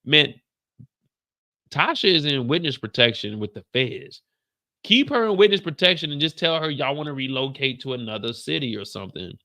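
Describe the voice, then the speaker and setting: A lively man talks through a TV finale in casual commentary. His voice has a gravelly edge and a bright, forceful tone. He leaps between high and low put-on voices for each character. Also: moderate pace. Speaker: show reviewer.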